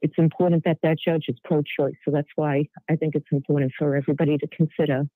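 A woman's voice: low voice, little pitch movement, fast, dry recording. A woman with a Boston accent calling in to a radio show, explaining her point earnestly. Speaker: caller. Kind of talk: phone call-in. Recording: tinny dry phone line.

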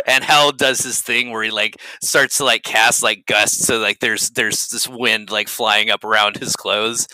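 A man's voice: fairly low pitch, fairly even intonation, unhurried, sharp tone, dry recording, poor audio. A man playing a tabletop game, laughing often as he describes his character's actions. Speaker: player.

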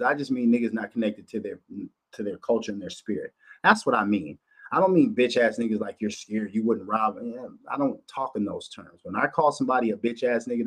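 A man's voice: mid-range voice, husky. A man from Minnesota hosting a livestream, talking bluntly and profanely in a loose, repetitive monologue. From Minnesota, USA. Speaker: livestream host.

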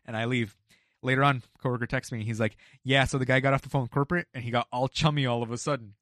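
A young man, a retail store worker, casually telling an animated work story, acting out quotes and swearing freely. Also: mid-range voice, fast, no echo, studio quality.

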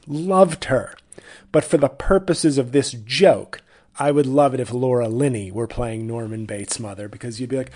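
A man's voice: medium pitch, measured pace, darkish tone. A man hosting a podcast in a casual, rambling comedic monologue that often breaks off and restarts. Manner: rambling, self-interrupting. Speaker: podcast host.

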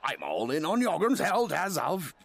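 A man's voice: on the high side, wildly swooping pitch, moderate pace, vocal fry, no echo, pitched above the performer's own voice, full character voice. A man voicing a cocky, dismissive male gambler.

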